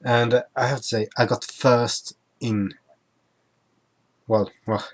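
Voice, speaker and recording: Slow, halting young man recapping a trip. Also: mid-range voice, fairly even intonation. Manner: halting, full of restarts and self-corrections. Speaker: vlogger. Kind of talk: casual travel recap over photos.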